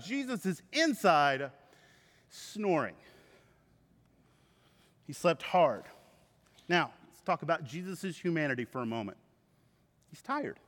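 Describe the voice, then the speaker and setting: A man preaching a sermon to his church, with animated storytelling. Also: sits high. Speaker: pastor. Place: church sanctuary. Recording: reverberant hall.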